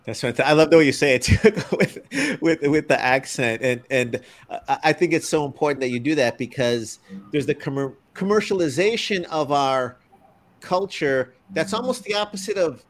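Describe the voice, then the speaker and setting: A man's voice: fairly high pitch, animated, moderate pace. A man hosting a conversational interview, enthusiastic, mixing Spanish words into his English. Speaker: host.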